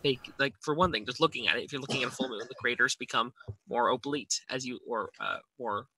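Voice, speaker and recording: A man's voice: mid-range voice, quick pace. Sarcastic man on a noisy call. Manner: sarcastic, joking, rambling explanations. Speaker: panelist. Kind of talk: casual chat.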